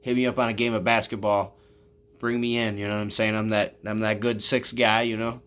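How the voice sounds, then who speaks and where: A vlogger with a lowish, clear, resonant voice and a fairly bright tone tells a long personal story to his camera a little fast, with little pitch movement. He rambles casually, swears often, and fills gaps with "I mean" and "you know what I'm saying," talking to his viewers.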